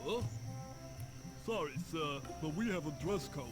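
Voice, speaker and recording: Gruff doorman, curt and dismissive, slightly high, loud music over far-off game audio. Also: expressive, measured pace. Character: gruff male party doorman.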